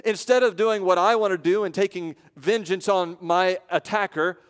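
A pastor from the United States delivering a sermon, moving between raised emphasis and hushed, low-spoken passages with rhetorical questions. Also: male voice, moderate pace, clean tone. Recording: long reverb of a large hall.

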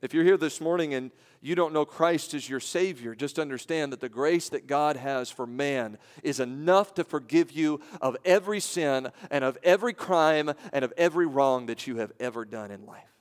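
A pastor from the United States delivering a sermon, moving between raised emphasis and hushed, low-spoken passages with rhetorical questions. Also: male voice, moderate pace, few pauses, smooth. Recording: long reverb of a large hall.

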